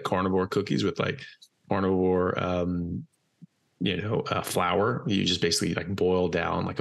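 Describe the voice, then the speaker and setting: A man with a deep, gravelly voice talks through his argument in a relaxed podcast chat. He is emphatic and blunt, stumbling over repeated words and fillers as he builds each point, and he drops the odd swear word. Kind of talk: casual podcast conversation.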